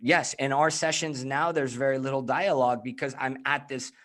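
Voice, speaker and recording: A man's voice: medium pitch, fairly even intonation, normal speed, a bit bright. A man hosting a casual podcast conversation, talking in a reflective, searching way with frequent restarts. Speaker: host.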